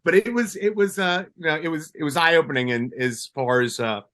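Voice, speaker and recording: A man's voice: a little high, a little fast, a bit bright. A retired police sergeant from Colombia, a man, telling a story in a casual interview, with many restarts and fillers.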